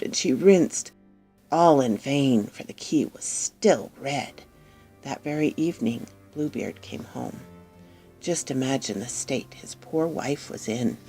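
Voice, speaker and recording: A woman narrating a dark fairy tale with expressive delivery that often drops into hushed whispers. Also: low voice, slightly rough. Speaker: storyteller. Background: faint music.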